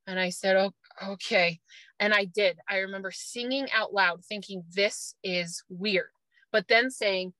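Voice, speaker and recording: A woman's voice: fairly high pitch, sharp tone, no echo, rough recording. A woman in her thirties, a mother, telling an emotional personal story with earnest intensity and nervous laughs. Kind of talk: personal testimony.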